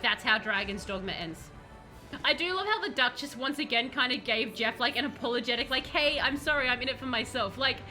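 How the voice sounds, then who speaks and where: A woman streaming a video game, chatting excitedly and talking to the characters on screen. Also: on the high side. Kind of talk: live gameplay commentary.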